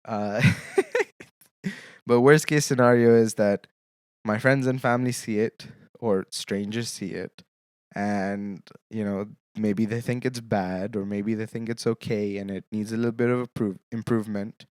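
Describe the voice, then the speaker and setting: A man's voice: on the low side, fairly even intonation, unhurried, a little mellow, smooth, no room sound, clean studio sound. A young man hosting his own solo podcast, talking casually with lame jokes and checking in with his listeners as he goes. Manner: casual, joking, often checks in with "okay?". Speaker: podcast host.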